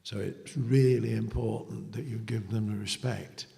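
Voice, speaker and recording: A man, a folk musician, speaking in a measured, reflective way in an interview. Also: on the low side, steady tone, gravelly, warm tone. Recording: long hall reverb.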